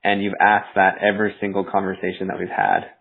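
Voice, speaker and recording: A man's voice: low voice, very animated, a little fast, vocal fry, husky. A man hosting a podcast, laid-back and casual, calling his guest "dude". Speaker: podcast host. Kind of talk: casual interview chat. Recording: tinny phone-like line.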